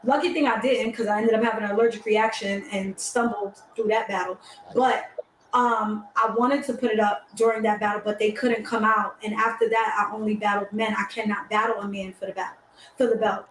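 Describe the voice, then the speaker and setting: A woman's voice: mid-range voice, steady tone, a little fast, a bit bright. A woman in her twenties, a battle rapper, chatting bluntly and casually in slang during an interview. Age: 20s. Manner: blunt, slangy, talks over others. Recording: echoey room with faint noise.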